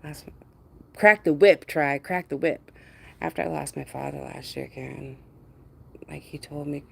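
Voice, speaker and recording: A woman's voice: low voice, fairly even intonation, normal speed, vocal fry, slight background noise. A woman hosting a casual livestream, greeting viewers by name, laughing often and mimicking others in quotes. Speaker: livestream host. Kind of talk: casual live-stream chat with viewers.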